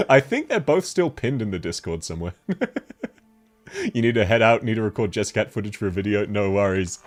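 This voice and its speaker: Man, Australian accent, casual stream chat, frequent laughs, low voice, faint music behind. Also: expressive, brisk, long pauses. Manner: chatty, laughs often, answers chat. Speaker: game streamer.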